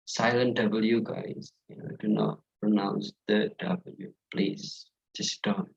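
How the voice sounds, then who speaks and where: A young man with an Indonesian accent teaches English pronunciation in an online class, repeating each word over and over to contrast correct and incorrect versions. His voice is lowish and slow, and the audio sounds dull.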